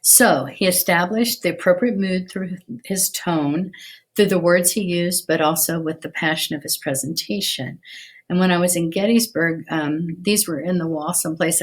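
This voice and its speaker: Low-voiced woman teaching history casually. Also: measured pace. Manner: chatty, many ums, restarts. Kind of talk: casual video lesson.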